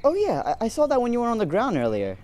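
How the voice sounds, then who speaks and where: A young man in an amateur short film playing a talkative young man who befriends a creature, quick to get exasperated and quick to apologize. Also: very high voice, huge pitch swings, darkish tone, exaggerated voice. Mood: gentle.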